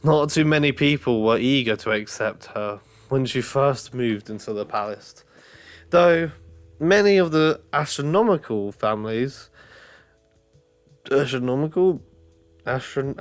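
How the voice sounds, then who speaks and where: A man's voice: mid-range voice, animated, slow, pauses often, faint music behind. A man casually reading a storybook aloud, laughing at his own slips and restarting lines. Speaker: reader of a children's book. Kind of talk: casual read-aloud narration.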